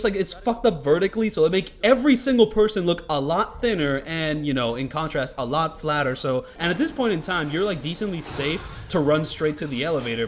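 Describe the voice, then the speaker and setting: This gaming commentator's voice is on the high side and a bit bright. He rambles casually over gameplay, cursing freely and leaning heavily on "like" and "you know."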